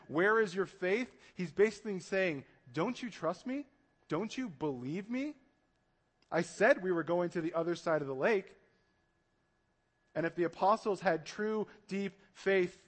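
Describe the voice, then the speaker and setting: A man preaching a sermon as pastor, animated and conversational, acting out panicked voices as he tells the story. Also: sits high.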